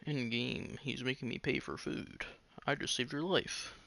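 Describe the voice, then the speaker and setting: A man's voice: mid-range voice, a little slow, creaky, a bit bright. A young man casually commenting over a video game, telling stories in loose, chatty slang, with game music playing behind. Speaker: gaming channel host.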